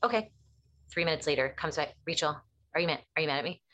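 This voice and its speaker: Low-voiced woman explaining therapy casually. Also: fast. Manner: animated storyteller acting out quotes.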